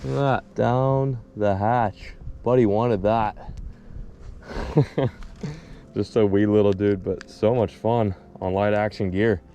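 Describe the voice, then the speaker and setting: A man vlogging while fishing from a boat on a lake, giving casual, excitable running commentary and chatting to the fish and trees he snags. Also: fairly low pitch, measured pace, lo-fi sound.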